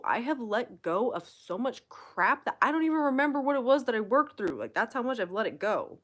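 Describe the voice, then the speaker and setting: A woman's voice: on the high side, sing-song, brisk, hardly any pauses. Blunt, swearing woman coach. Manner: blunt, swears freely, emphatic and encouraging. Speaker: manifestation coach hosting a live Q&A. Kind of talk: casual live-stream advice, reading viewer comments.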